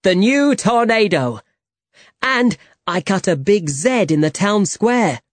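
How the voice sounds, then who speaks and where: A storybook narrator playing a bold young man who is boastful and excitable. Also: medium pitch, slow pace, no echo, pitched above the performer's own voice.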